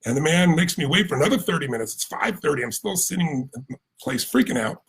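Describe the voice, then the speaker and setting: Brief: American man, motivational speaker, rapid energetic storytelling, gravelly-husky voice. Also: on the high side. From United States. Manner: animated, emphatic, acts out quoted voices.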